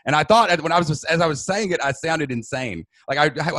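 Animated man with a dry close sound. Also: a little high, a little fast, dry recording. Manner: animated, says "dude" and "man". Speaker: guest. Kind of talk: emotional storytelling.

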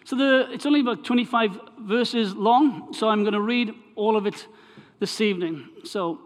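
A man's voice: high voice, moderate pace. A Welsh man preaching to a congregation, chatty and prone to restarting his phrases before reading scripture aloud. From Wales. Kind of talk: sermon introduction and scripture reading. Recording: long hall reverb.

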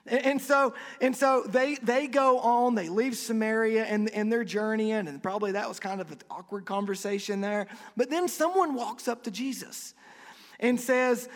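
A man preaching a conversational sermon, acting out quotes with lively energy. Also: very high voice, moderate pace, big-room sound. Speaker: pastor.

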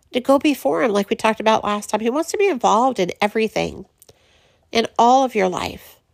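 A middle-aged woman hosts a devotional podcast, pausing often as she earnestly encourages her listeners. Her voice carries a heavy, gravelly vocal fry at a moderate pitch, and the recording is dry and close. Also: no echo. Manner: earnest, encouraging, with frequent pauses. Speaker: podcast host.

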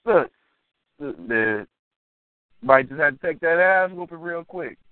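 A man talking on a casual call-in show, using lively, profane street slang. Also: fairly high pitch, measured pace, no room sound. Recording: dry, tinny phone-line audio.

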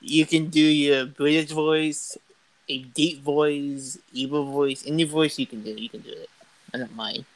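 A man's voice: fairly high pitch, steady tone, measured pace, no echo, poor audio. A man hosting a casual podcast with a friend, talking loosely and rambling. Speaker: podcast host. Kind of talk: casual chat.

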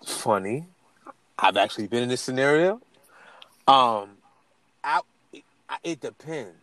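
A man's voice: medium pitch, expressive, unhurried, fairly bright tone, no room sound. A man co-hosting a podcast in casual chat, slangy, with stammering restarts. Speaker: podcast co-host.

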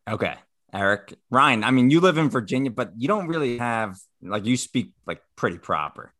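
A man's voice: mid-range voice, lively intonation, moderate pace, a bit bright, dry recording, studio quality. A man with a Philadelphia accent, co-hosting a podcast and telling stories in casual chat. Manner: chatty storyteller, explains at length. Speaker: podcast co-host.

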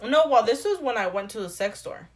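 A woman's voice: fairly high pitch, animated, fairly quick, husky. A young woman co-hosting a casual chat, playful and filling her talk with "like". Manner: chatty, playful, lots of "like". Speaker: podcast co-host.

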